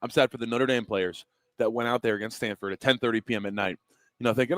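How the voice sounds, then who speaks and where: A man with an everyday mid-range voice talks college football on a sports radio show, recorded close and dry. He chats in a loose, halting way, restarting his sentences as he goes. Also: medium pitch, fairly even intonation, fairly bright tone, no echo. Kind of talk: casual sports talk.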